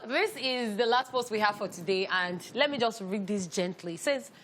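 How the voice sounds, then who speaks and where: A woman's voice: mid-range voice, moderate pace, fairly bright tone, slight background noise. A woman with a Nigerian accent, co-hosting a TV chat show in a studio, reading posts aloud and joking about them. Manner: reads posts aloud, then jokes. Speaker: co-host reading social media posts.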